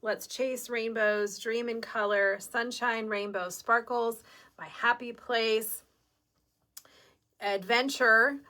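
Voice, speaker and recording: A woman's voice: on the high side, fairly even intonation, slow, sharp tone. A woman with a Midwestern American accent hosting a live shop sale, chatty and upbeat, explaining step by step. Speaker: quilt shop host.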